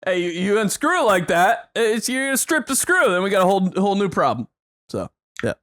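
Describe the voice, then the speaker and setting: A young man spins animated stories in casual podcast banter, often jumping up into raised bursts. His voice sits slightly high for a man. The recording is dry and close, with no room sound. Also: fairly quick, dry recording. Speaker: podcast co-host. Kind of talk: casual comedic chat.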